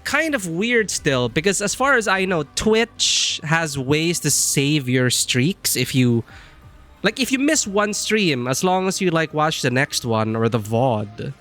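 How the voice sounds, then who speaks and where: A man's voice: a little high, sing-song, measured pace, a bit bright, soft background music. A man chatting casually on a live stream, rambling and friendly as he greets viewers.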